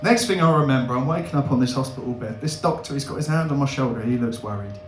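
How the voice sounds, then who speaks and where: A young man doing stand-up comedy, animated and laughing, with big swings in pitch. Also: fast talker, roomy sound, faint music behind.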